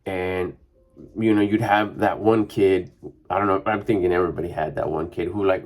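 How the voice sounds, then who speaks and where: A man's voice: deep voice, fairly even intonation, normal speed. A middle-aged man, a mindset coach, talking in a rambling, casual monologue full of fillers. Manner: rambling and conversational, with frequent fillers.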